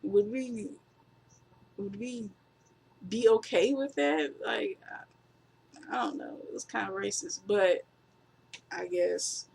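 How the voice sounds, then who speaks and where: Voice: mid-range voice, slow, vocal fry, long pauses, breathy edge. A reviewer giving a casual, rambling spoken recap of a wrestling show, offhand and full of fillers.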